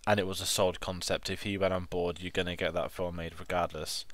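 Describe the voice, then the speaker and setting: A man co-hosting a casual film review, talking in a relaxed, rambling way with lots of "like" and "kind of". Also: sits low, fairly quick, no room sound.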